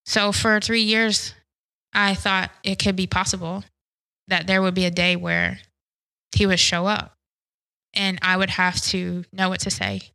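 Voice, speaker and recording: A woman in an interview, speaking candidly and reflectively about her past, often pausing and restarting her sentences. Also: medium pitch, flat delivery, creaky, bright, forceful tone, clean tone, low-quality recording. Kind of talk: personal testimony interview.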